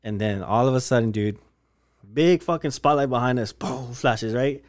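Animated cursing young man, dry sound. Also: medium pitch, normal speed, no echo. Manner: animated storyteller, heavy swearing, slangy. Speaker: podcast guest telling a story. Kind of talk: casual podcast chat.

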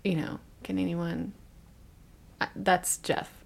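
A woman's voice: fairly low pitch, very animated, slow. A woman co-hosting a podcast, telling stories animatedly and laughing often. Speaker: podcast co-host. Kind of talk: casual chat.

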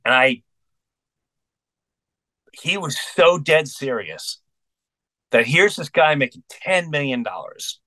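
Man, middle-aged, bright tone, dry close sound, earnest storyteller, voices each side of the dialogue. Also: fairly high pitch, very animated, slow, long pauses, no echo. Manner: intense, earnest storytelling, acts out both sides of quoted dialogue. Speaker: guest comedian. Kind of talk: storytelling in a podcast interview.

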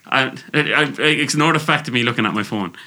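This is a young Irish man chatting on a casual podcast. His voice is bright and forceful. He swears and laughs freely as he trades banter with his co-host. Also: mid-range voice, fairly quick.

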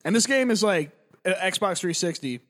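Young man, high-pitched voice, casual podcast chat, rambling, profane, laughing. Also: expressive, moderate pace, a bit bright. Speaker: podcast co-host.

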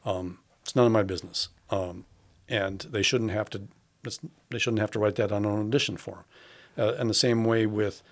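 A man speaks in a fairly low voice. He talks through ideas as he goes, with frequent fillers, pauses and restarts. This is a relaxed, conversational interview. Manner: thoughtful, halting, many fillers and restarts. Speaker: theatre artistic director.

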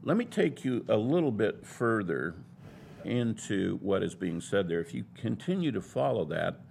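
A man's voice: fairly low pitch, big pitch swings, moderate pace, vocal fry, darkish tone, slight background noise. A man teaching a Bible lesson in a sermon style, building his points in an emphatic, argumentative way.

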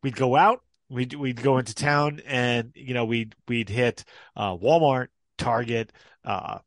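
A man's voice: mid-range voice, fairly even intonation, a little slow, dry recording. Easygoing man, dry close sound. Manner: easygoing, many fillers. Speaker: podcast co-host. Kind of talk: casual chat.

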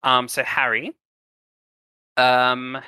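Bright-voiced young game master. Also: male voice, medium pitch, flat delivery, very slow, clean tone, no echo. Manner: hesitant, many ums, improvising. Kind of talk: narrating a tabletop game.

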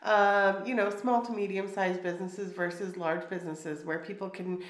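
A woman's voice: medium pitch, fairly even intonation, normal speed. Woman, podcast co-host, nasal from a cold, bubbly, chatty, echoey room. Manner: bubbly, chatty, many restarts and fillers. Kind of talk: casual podcast chat.

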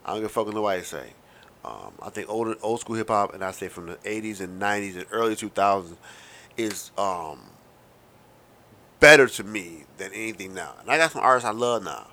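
With a fairly low, animated voice and a sharp tone, a man in his thirties hosts a podcast. His monologue rambles casually, wry and profane, packed with asides, and he describes himself as a fast talker.

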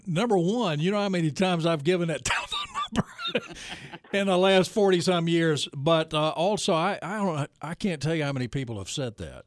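Lively older radio gardening host. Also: male voice, a little high, noisy background. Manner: lively, jokey, reads phone numbers slowly. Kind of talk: call-in radio chat.

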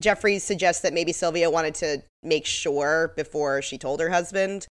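A woman's voice: low-pitched, moderate pace. A woman co-hosting a podcast in casual chat, sarcastic and laughing often. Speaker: podcast co-host.

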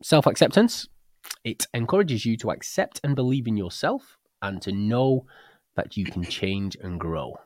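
A man's voice: fairly low pitch, unhurried, no echo, clean studio sound. A British man co-hosting a casual podcast chat. He rambles through anecdotes with many restarts and acts out the people in them. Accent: British English. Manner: rambling storyteller, many restarts and animated quoted dialogue. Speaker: podcast co-host. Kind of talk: casual chat about a book.

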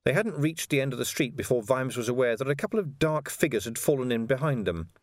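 A male audiobook narrator reads a novel with expressive, animated storytelling. His voice sits in a middle pitch and moves in a very lively way. The recording is dry and close to the mic. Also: fast, no echo. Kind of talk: scripted narration.

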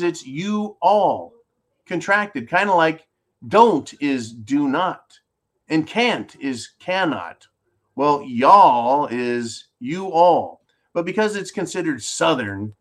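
A man from California hosting a political show, ranting bluntly and sarcastically as he reads out viewer questions. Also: fairly high pitch. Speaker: host of a political call-in show.

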